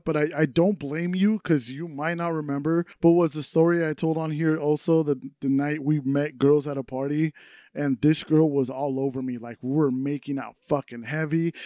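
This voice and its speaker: Brief: man, high voice, crude profane podcast storyteller, dry close mic. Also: a little mellow, no echo. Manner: swears constantly, laughs while telling stories. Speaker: podcast co-host.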